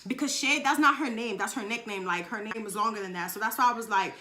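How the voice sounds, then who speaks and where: Bright-voiced young New woman. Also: a little high, quick pace. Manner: slangy, profane, animated storytelling. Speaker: vlogger. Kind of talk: casual story time.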